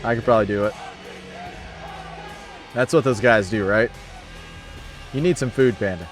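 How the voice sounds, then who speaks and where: A man's voice: on the low side, normal speed, soft background music, a faint crowd. A man hosting a casual livestream, chatting upbeat and friendly as he thanks viewers by name. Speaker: livestream host. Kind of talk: casual chat reading viewer comments.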